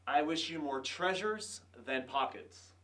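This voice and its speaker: A man reading a short picture-book passage aloud, then giving a slightly halting greeting to students. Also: fairly high pitch, lively intonation, sharp tone, recorded from a distance, slight background noise. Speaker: school official greeting students. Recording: voice set back from the mic.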